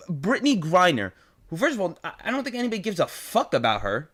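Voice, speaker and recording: A young man with a New York accent rants to his audience, swearing and repeating himself in disbelief. His voice sits fairly high for a man and swings widely in pitch as he works himself up. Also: huge pitch swings, quick pace, fairly bright tone, slightly rough. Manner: incredulous, swearing, repetitive rant. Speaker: host. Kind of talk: profane ranting commentary.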